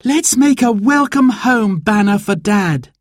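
A man voicing an eager young girl in a storybook reading, bubbly and excited. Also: high voice, takes it slowly, no room sound, studio quality, voice pushed up.

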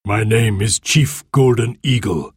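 A man's voice: on the low side, a little slow, breathy edge, no echo, studio quality. A man voicing a stern, proud leader in a storybook reading.

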